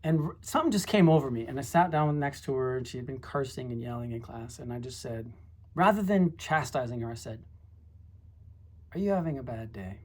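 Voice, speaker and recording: A middle-aged former high school teacher telling classroom stories in a rambling, reflective way, full of asides. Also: lively intonation, a little fast, darkish tone. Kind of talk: casual storytelling monologue.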